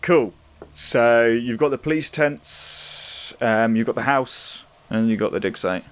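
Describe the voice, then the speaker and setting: A man's voice: medium pitch, slow pace, a bit bright. Casual man running a tabletop game. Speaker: game master.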